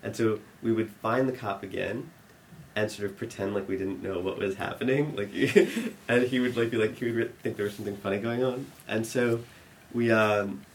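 A man's voice: fairly low pitch, normal speed, slight background noise. A young man telling a long funny story, rambling with many restarts and laughing at his own lines. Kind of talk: live storytelling.

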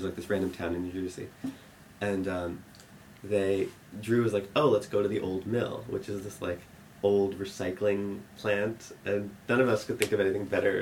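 A young man telling a rambling story to an audience, full of fillers, growing animated and laughing as it builds. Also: sits low, slight background noise.

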